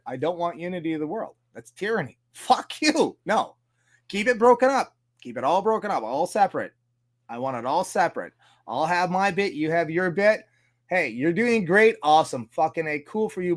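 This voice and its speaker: A man with a Canadian accent hosting a livestream, ranting casually with heavy swearing and frequent laughs. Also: a little high. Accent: Canadian English. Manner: profane, ranting, laughs often. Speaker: livestream host.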